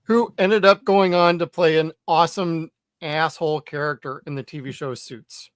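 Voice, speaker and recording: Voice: mid-range voice, fairly even intonation, normal speed, dry recording, studio quality. A podcast host in a casual movie chat, chatty and swearing freely.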